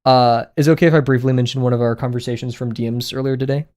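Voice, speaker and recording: A young man livestreams his art, talking rapid-fire with viewers as he draws, hopping from topic to topic and often bursting into laughter. His middle-pitched voice bounces higher whenever excitement hits.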